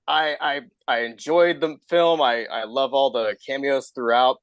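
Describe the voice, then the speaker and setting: A man's voice: mid-range voice, fairly even intonation, unhurried, clean tone, no room sound. A man hosting a podcast, asking casual interview questions and laughing along, with some hesitant restarts. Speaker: podcast host.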